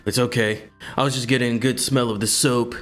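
A man's voice: medium pitch, flat delivery, a little fast, fairly bright tone, faint music behind, lightly acted. A man reading the lines of a nervous, nerdy young man in a game, hesitant and anxious.

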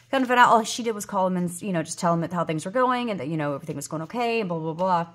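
A woman's voice: on the low side, lively intonation, rapid-fire. A woman in her forties chatting casually, rambling through a story with fillers and self-corrections. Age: 40s. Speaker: vlogger. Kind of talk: casual chat while counting cash.

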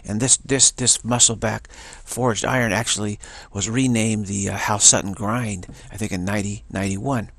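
A man's voice: on the low side, fairly even intonation, normal speed, vocal fry, a bit bright, dry recording. A man telling a rambling, enthusiastic story in a casual monologue, often restarting his sentences.

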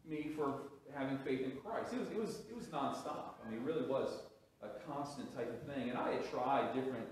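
A man's voice: mid-range voice, a little fast, a little hiss or hum. A man preaching a sermon as pastor, telling a story with restarts and rising emphasis. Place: church sanctuary. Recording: very echoey hall, from a distance.

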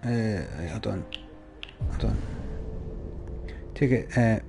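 A man's voice: on the low side, slow, creaky, over music. A Scottish man chatting and ranting as he plays a game, swearing freely. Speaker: gamer. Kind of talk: let's play commentary.

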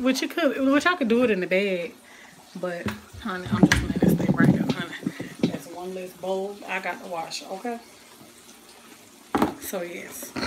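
A woman talking to viewers in a relaxed way while she cooks in her home kitchen, with frying sizzling behind her. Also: medium pitch, noisy background. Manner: chatty, talks to viewers and family at home. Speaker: cooking vlogger. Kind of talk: casual cooking vlog.

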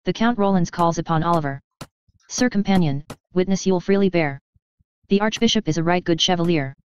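A woman reading an epic poem aloud in a measured, steady recitation. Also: lowish voice, clear, resonant tone, lo-fi sound. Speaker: reader.

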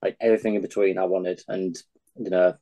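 A man's voice: low-pitched, little pitch movement, fairly quick, dark tone, low-quality recording. A young Yorkshire man in his twenties, a charity founder talking earnestly as an interview guest. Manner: earnest, enthusiastic reminiscing. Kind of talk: casual interview chat.

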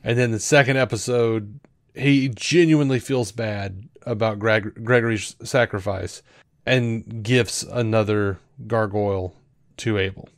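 A man co-hosting a podcast, talking through a show review in a rambling, animated way with lots of fillers and restarts. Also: lowish voice, a little slow, no echo, studio quality. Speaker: podcast co-host. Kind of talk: casual review chat.

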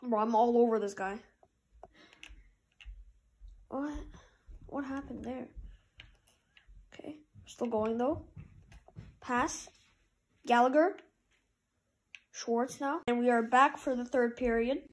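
A woman commentating her own hockey video game match, calling plays and cheering loudly at goals. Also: takes it slowly, pauses often. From Canada. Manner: excitable play-by-play, jumps to loud high cheers at goals. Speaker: gamer.

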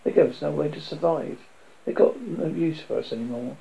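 A man's voice: on the high side, fairly quick, vocal fry, dark tone, poor audio. A man voicing a blunt, pessimistic man in a read-aloud story. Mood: bitter. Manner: barking and blunt.

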